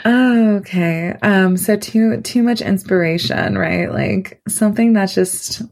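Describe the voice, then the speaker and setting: A woman's voice: mid-range voice, slow, gravelly, a little mellow. A woman guest on a podcast, telling a personal story in a loose, rambling way full of fillers.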